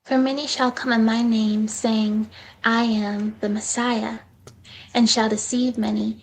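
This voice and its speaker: A woman reading scripture aloud in a steady, measured way during a Bible study. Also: on the high side, low-quality recording. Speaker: scripture reader.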